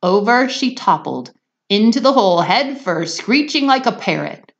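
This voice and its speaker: A woman teacher reading a children's novel aloud, expressive and pausing to explain words to her listeners. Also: medium pitch, dull audio.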